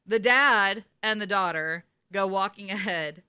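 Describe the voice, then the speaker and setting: Animated woman recapping a show. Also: mid-range voice, a little slow, clear, resonant tone. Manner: animated, acts out characters in quotes. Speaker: podcast co-host. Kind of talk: casual recap chat.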